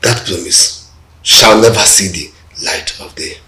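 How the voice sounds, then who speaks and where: An actor with a Nigerian accent playing a ruthless, ambitious prince who schemes in a cold, deliberate way. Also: male voice, deep voice, sharp tone. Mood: bitter. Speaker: prince plotting for the crown. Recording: roomy echo with faint music.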